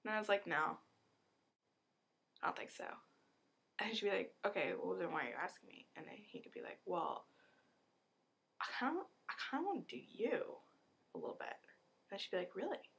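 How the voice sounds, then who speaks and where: A young woman vlogging in a rambling, animated way, swearing and acting out characters in quick asides. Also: medium pitch, creaky. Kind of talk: rambling casual vlog.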